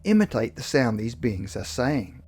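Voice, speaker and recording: A man voicing a calm male psychologist who patiently questions a hypnotized patient in a dramatized interview reading. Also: mid-range voice, breathy edge. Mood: steady, probing. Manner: slow, patient, probing questions.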